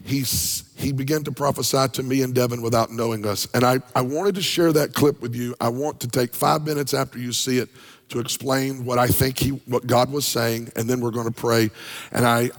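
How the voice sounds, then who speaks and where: A middle-aged man, a pastor, preaching a sermon in a church sanctuary in a conversational, emphatic way with a gravelly voice. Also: medium pitch, steady tone, normal speed, long reverb tail.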